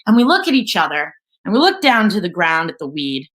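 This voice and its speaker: A woman from New York tells a personal story live in a casual, profane way. Her pitch swings widely and her tone stays bright and forward. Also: big pitch swings, fairly quick, rough recording.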